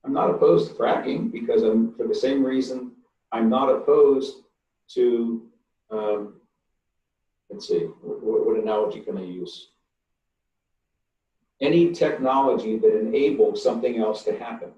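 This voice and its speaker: A man's voice: mid-range voice, dark tone, reverberant, lo-fi sound. Older man, emphatic, distant call audio. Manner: emphatic and blunt, stresses words slowly. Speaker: engineering professor answering webinar questions. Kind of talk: online webinar Q&A. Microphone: computer mic on a video call.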